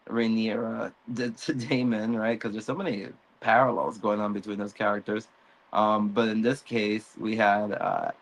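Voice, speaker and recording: A man hosting a casual recap show, relaxed, chuckling often, with many fillers. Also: lowish voice, low-quality recording.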